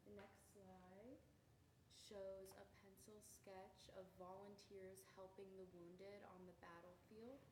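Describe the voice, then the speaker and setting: A woman reads captions from presentation slides in a matter-of-fact tone. The room is echoey, and clear background noise runs underneath her voice. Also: medium pitch, level tone, slow pace. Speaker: presentation assistant reading slides. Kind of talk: reading slide captions aloud.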